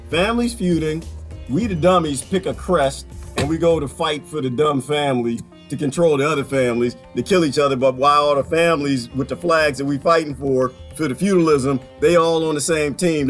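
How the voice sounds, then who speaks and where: Male vlogger, somewhat high voice, loose and jokey, faint background music. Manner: rambling, jokey, laughs often, repeats phrases. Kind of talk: casual monologue.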